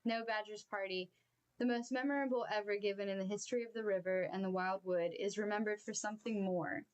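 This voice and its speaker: Woman reading a kids novel out loud, expressive and kinda emotional, middle pitch. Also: a little fast. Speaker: storyteller.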